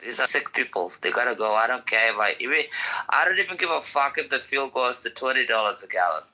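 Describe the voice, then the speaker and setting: Blunt profane man, very bright sharp tone, fired-up rant. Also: mid-range voice, animated, fast talker, rough recording. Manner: profane, ranting and emphatic. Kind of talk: heated call-in discussion.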